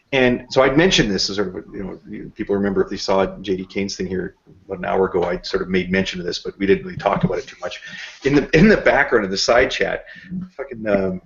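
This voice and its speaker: Rambling Canadian man hosting a video chat. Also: low-pitched. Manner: rambling, profane, laughs at his own jokes. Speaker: host. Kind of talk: casual group video chat. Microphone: video call. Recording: dull lo-fi online call audio.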